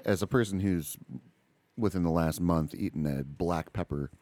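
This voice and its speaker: A middle-aged man co-hosting a podcast in casual chat, rambling and animated, full of restarts and asides. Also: sits low, normal speed. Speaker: podcast co-host.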